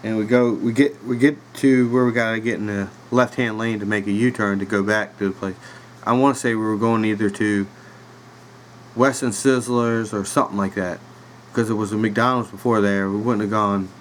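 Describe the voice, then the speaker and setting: A podcast host in his thirties with a relaxed Virginia accent tells a rambling, casual story full of fillers, side remarks, and laughs. His voice sits low and his pace is moderate. The rough home recording, made in a room with a dog nearby, has a faint air conditioning hum underneath.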